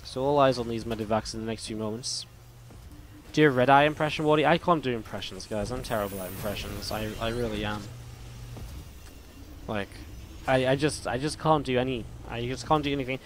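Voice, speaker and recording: A man's voice: medium pitch, brisk, a little hiss or hum. Chatty male esports caster with a strained voice. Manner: chatty, rambling, talks to viewers directly. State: slightly strained voice. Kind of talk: live play-by-play game commentary.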